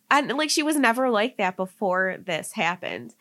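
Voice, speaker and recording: A woman's voice: mid-range voice, sing-song, normal speed, a bit bright. A young woman co-hosting a podcast, telling a personal story in casual chat, full of "like" fillers and getting tearful. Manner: heavy use of "like" as filler, emotional and tearful. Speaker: podcast co-host.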